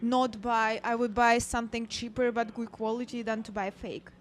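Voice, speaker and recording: A giggly woman with a Russian accent, co-hosting a live trading show in playful, casual banter. Her voice is a touch higher than most women's. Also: flat delivery, moderate pace, slight background noise. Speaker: trading stream co-host.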